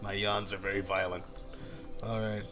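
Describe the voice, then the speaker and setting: A man's voice: fairly low pitch, normal speed, music in the background. A man streaming while he works, chatting casually and joking with a friend. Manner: joking, animated, trails off while focused. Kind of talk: casual chat while working.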